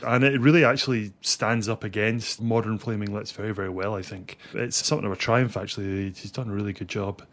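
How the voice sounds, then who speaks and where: A man's voice: fairly low pitch, steady tone, brisk, few pauses, a bit bright. A man co-hosting a casual music podcast, joking around and laughing easily as he recommends albums. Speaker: podcast co-host.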